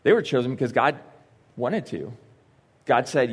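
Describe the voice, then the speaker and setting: A man's voice: medium pitch, expressive, moderate pace, breathy edge. A young man preaching a sermon in a church, speaking in a conversational way with joking asides and quoted lines acted out. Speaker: pastor. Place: church sanctuary.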